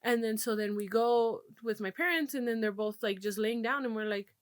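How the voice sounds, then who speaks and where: A woman's voice: on the high side, normal speed, hardly any pauses, no echo. A young woman hosting a podcast, telling stories in loose casual chat, swearing freely and slipping into Spanish. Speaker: podcast host.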